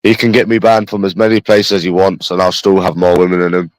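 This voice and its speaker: A young man with a London accent talks casually to his livestream viewers. He is blunt and swears a lot, calling everyone bro. His voice sits low, and it is recorded dry and close. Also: little pitch movement, quick pace, no room sound, rough recording. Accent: London English. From England.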